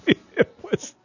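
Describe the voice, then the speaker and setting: A man's voice: no echo, lo-fi sound. Rambling man, casual radio banter. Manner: rambling storyteller with restarts. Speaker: radio co-host.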